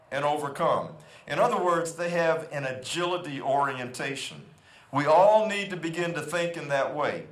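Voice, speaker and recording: Middle-aged guy giving a pumped-up speech over a pa, kinda high voice, echoey. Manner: emphatic, repeats key phrases. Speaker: guest convocation speaker. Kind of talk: motivational speech. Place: outdoor quad. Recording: echoey outdoor PA sound.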